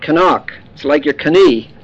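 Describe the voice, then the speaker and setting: A man's voice: a little high, animated, unhurried. A man preaching a sermon, explaining words in a folksy, joking teaching manner. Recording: dull lo-fi sound.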